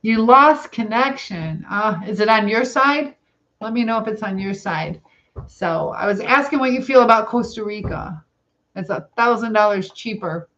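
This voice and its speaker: Animated and fairly bright, with a medium-pitched voice at a moderate pace, this Southern-accented, middle-aged host chats her way through a cooking livestream, wandering off topic and reading out comments from viewers. The sound is dull and low-fidelity.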